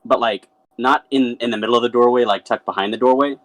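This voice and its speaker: A man's voice: mid-range voice, steady tone, fast talker, fairly bright tone, rough recording. A man playing a tabletop game, hesitant and thinking aloud about his moves. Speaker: player.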